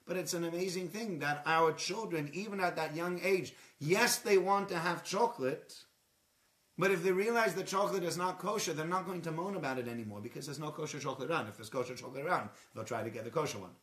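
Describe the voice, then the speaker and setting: A man gives a Torah talk, working through his point with rhetorical questions and Hebrew terms. His voice sits a little high for a man. The sound carries a clear echo from the room. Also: quick pace, a bit bright. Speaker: Torah teacher. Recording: echoey room.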